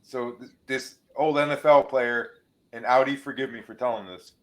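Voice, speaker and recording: A man hosts a casual talk show, his voice bright and forward. He tells jokes with animated shifts between the characters' voices. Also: moderate pace. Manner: animated joke-teller, changes pitch for each character. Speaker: podcast host. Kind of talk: casual chat, telling jokes.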